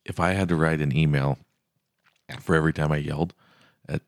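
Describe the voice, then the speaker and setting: A man's voice: a bass voice, steady tone, a little fast, dry recording. A man co-hosting a podcast in casual chat, tossing in short dry wisecracks. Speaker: podcast co-host.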